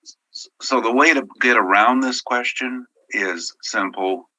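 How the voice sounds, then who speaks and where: A man managing a property, presenting his appeal at a formal hearing in an earnest, halting way with many fillers. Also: mid-range voice, sharp tone, poor audio.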